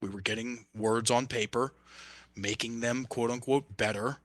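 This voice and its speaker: A man guesting on a podcast, telling a story in a lively, animated way and restarting his phrases, sometimes dropping almost to a whisper. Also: mid-range voice, normal speed, no echo. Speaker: podcast guest, mindset coach. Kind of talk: casual conversation.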